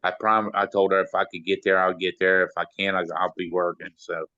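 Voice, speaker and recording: A man's voice: low-pitched, little pitch movement, fairly quick, bright, forceful tone, dry recording, lo-fi sound. An older man from Maryland, an interview guest telling long rambling stories packed with "you know" fillers. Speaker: interview guest, sound engineer. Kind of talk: casual storytelling.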